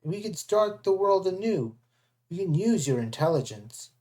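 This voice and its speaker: Smooth mocking young traitor guy, read aloud by a narrator, mid pitch, storybook. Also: big pitch swings, normal speed, dark tone, natural voice. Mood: persuasive.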